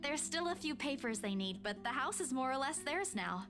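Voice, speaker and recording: A man's voice: extremely high pitch, sing-song, moderate pace, over music, pitched above the performer's own voice, exaggerated voice. A man voicing a kind, nervous young woman who hesitates and stammers, reading a visual novel aloud. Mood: flustered.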